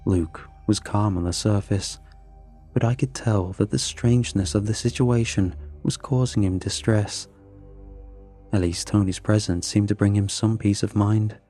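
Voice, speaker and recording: A man narrating a scripted horror story in a measured, suspenseful way. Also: lowish voice, steady tone, warm tone, faint music behind.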